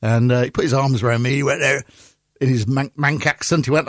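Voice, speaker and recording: A man with a Bristolian accent tells stories in a relaxed, chatty way. He is middle-aged and slips into the voices of the people in his stories. His voice is close and dry, with no room sound. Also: mid-range voice, a little fast, dry recording. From Bristol, England. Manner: lively storyteller, acts out quoted voices. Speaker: radio presenter. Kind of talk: casual anecdotal chat.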